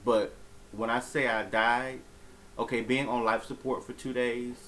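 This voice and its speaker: A man's voice: medium pitch, flat delivery, a little slow, a bit bright, slight background noise, low-quality recording. A man telling a personal story in a casual vlog, rambling and profane, with many fillers and restarts.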